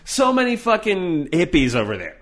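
A man's voice: high-pitched, moderate pace. A man hosting a podcast, chatting casually, swearing and mocking with plenty of energy. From Canada. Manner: profane, mocking, animated. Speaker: podcast host.

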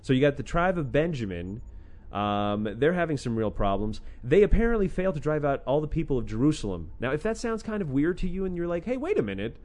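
Profane, animated man retelling old stories. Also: fairly high pitch, brisk. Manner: profane, sarcastic, animated with acted-out quotes. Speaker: podcast host retelling a scripture book. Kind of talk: irreverent casual storytelling.

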